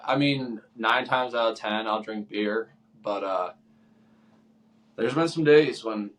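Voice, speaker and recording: Rambling, low-voiced young guy telling bar stories. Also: slow pace, a bit bright. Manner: rambling storyteller, acts out his own quoted lines. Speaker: podcast co-host. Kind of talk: casual chat.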